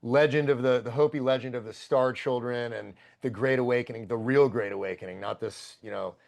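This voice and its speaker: A man, a podcast guest, telling a long story in a casual, profane, excitable and rambling way. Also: medium pitch, fairly quick, gravelly.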